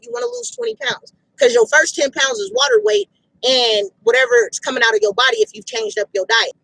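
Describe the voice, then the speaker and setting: With a very high, creaky, slightly bright voice, a woman delivers an outdoor fitness pep talk, casual and direct, hammering her points with repetition and street slang as a motivator. The recording is dry and poor in quality.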